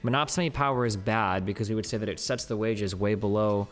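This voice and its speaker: A man's voice: fairly low pitch, steady tone, fairly quick, faint music behind. A man streaming live, reading an article aloud and questioning it as he thinks aloud, with many "like"s.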